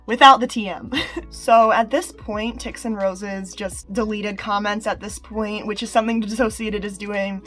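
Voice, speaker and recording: A woman's voice: mid-range voice, fairly bright tone. A young woman giving casual YouTube commentary, chatty and emphatic, laughing mid-sentence.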